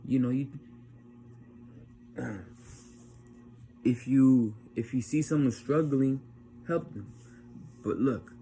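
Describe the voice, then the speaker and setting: A man's voice: medium pitch, dark tone. A young man giving a loose, rambling motivational talk to camera, often adding "man" and acting out the people he quotes. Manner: frequent "man" tag words. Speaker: vlogger. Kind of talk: casual motivational monologue.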